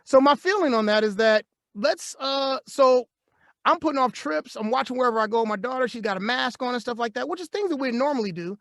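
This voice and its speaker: A man with a notably high voice co-hosts a live chat show. He rants with animated energy and laughs often. The sound is close and dry, with no room around him. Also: dry recording. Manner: animated and ranting, quick to laugh. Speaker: co-host.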